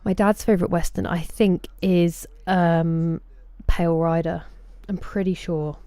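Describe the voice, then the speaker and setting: A woman's voice: on the low side, steady tone, unhurried, mellow, no room sound. A woman streamer in casual live-stream chat, answering viewers' messages by name at a desk microphone in a room at home.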